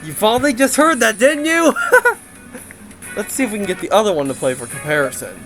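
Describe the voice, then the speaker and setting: A man's voice: sits high, animated, brisk, a bit bright, soft background music, rough recording. A man giving a casual game development update, rambling with lots of fillers and frequent laughs.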